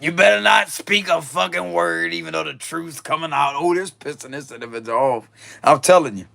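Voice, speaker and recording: A man giving a casual tarot reading, animated and laughing often, repeating phrases and swearing freely. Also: on the high side, a little fast, gravelly. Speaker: tarot reader.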